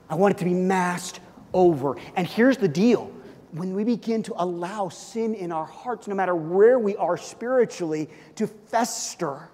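Middle-aged male pastor, high-pitched, chatty storytelling preacher, big reverberant church hall. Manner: animated storytelling, chatty with fillers. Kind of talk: sermon. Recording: long reverb of a large hall.

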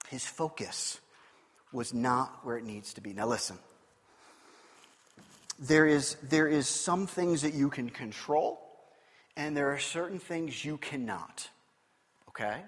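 A middle-aged man preaching a sermon as a pastor, telling stories with animated swings between loud and quiet. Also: mid-range voice, slow pace, pauses often, husky. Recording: long hall reverb.

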